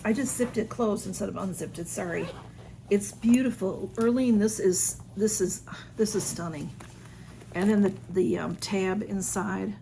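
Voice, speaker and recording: A woman's voice: mid-range voice, creaky, mellow, slight background noise. A woman chatting casually as she unboxes a birthday gift at home, gushing and exclaiming often. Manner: gushing, exclaims the sender's name, chatty with fillers.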